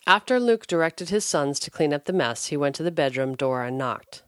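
A woman reading a short example scenario aloud in an even storytelling manner. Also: rumbling low, normal speed, few pauses, no echo, clean studio sound. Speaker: story reader.

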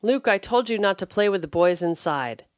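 A woman's voice: sits low, animated, normal speed, no room sound. A woman voicing an upset mother of three young boys, speaking in a dry, close-up reading voice. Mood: angry. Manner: cries out, then turns soft and regretful.

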